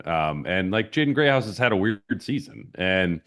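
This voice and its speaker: A man's voice: fairly low pitch, expressive, moderate pace, fairly bright tone. A male sports reporter recounting player interviews in a laid-back way, full of ums. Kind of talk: casual sports talk.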